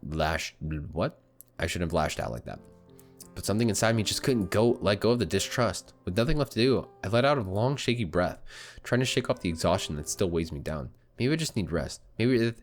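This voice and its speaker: Young male let's-play host, low voice, excitable and foul-mouthed, game music under. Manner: excitable, swears and laughs a lot. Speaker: gaming channel host. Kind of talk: let's-play, reading a visual novel aloud.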